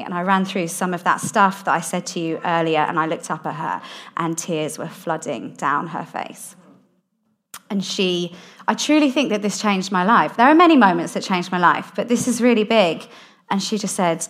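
A young woman, a guest in an interview, candidly telling a personal story in casual, animated storytelling with frequent laughs. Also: mid-range voice, normal speed. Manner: candid, animated, laughs often, drops softer in heartfelt parts.

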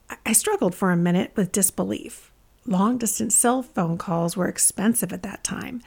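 A woman hosting a podcast, announcing the episode in a clear, upbeat way and reading a listener's letter aloud. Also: mid-range voice, moderate pace, a little mellow. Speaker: podcast host.

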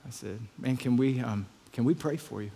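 A man's voice: mid-range voice, normal speed, creaky, warm tone, long reverb tail. A pastor telling a story in a conversational sermon, often repeating his words.

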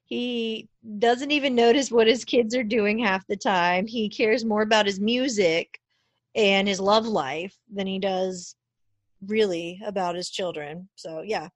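A woman chatting casually with a co-host, animated and full of fillers, getting worked up. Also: mid-range voice, measured pace, no echo. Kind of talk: casual chat.

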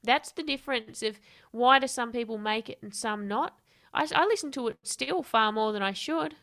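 Woman, bright tense voice, frank storyteller, casual interview guest. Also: fairly high pitch, moderate pace. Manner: lively, candid storyteller who swears freely and laughs often. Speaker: podcast guest, coach and speaker.

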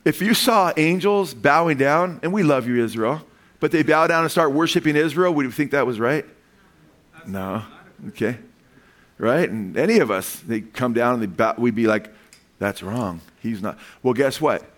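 Man, preacher, sermon, animated, quizzes congregation, acts out quotes. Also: mid-range voice, normal speed.

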